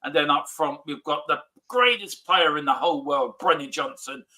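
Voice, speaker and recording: A man chatting as a football fan on a live watchalong, excitable and cheering the play aloud. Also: on the high side, moderate pace, rough recording. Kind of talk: casual watchalong banter.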